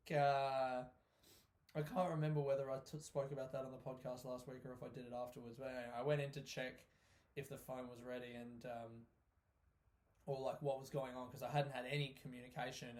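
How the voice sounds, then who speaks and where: A man, a comedian, talking through a casual solo podcast monologue in an animated, sweary way, often laughing. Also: medium pitch. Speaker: stand-up comedian hosting his own podcast.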